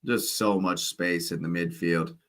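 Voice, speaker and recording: A man's voice: low-pitched, steady tone, a little slow, fairly bright tone. A man hosting a football watch-along, calling the play live in a chatty, casual way with exclamations and slangy asides. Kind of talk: casual live match commentary.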